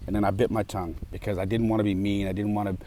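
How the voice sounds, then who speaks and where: Man, podcast host, somewhat low voice, emphatic casual storytelling, faint hiss behind. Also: little pitch movement, very fast, mellow. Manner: emphatic, heated, with frequent fillers.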